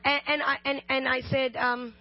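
A woman's voice: high-pitched, level tone, moderate pace. A woman preacher giving a sermon with personal testimony, humorous and impassioned, talking straight to the congregation. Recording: dull lo-fi recording.

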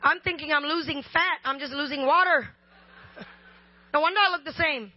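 A woman preaching a sermon, chatting and joking before rising into loud, slow shouted lines. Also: high voice, no echo. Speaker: guest preacher. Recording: slightly dull, dry sound.

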